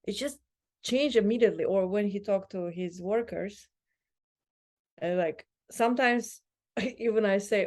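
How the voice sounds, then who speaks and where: A woman guest, telling animated stories in a casual chat and laughing often. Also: medium pitch. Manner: animated storyteller, laughs, quick asides.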